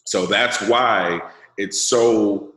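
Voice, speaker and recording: A man with a fairly low, slightly bright voice speaks very slowly as he leads a sales training call online, explaining each step casually and checking the group's understanding. The video call audio has a roomy echo.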